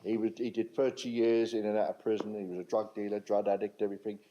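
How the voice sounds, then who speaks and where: A man's voice: lowish voice, flat delivery, fast talker, lo-fi sound. An older man with a London accent, telling stories at a public talk in a chatty way and asking the audience questions. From England. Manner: chatty, asks the audience questions, repeats for emphasis. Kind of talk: conversational storytelling to an audience.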